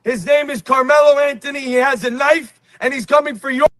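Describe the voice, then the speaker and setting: A man's voice: very high-pitched, steady tone, fairly quick, a bit bright, no echo. A man speaking at a protest, declaiming and insistent. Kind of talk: rally speech.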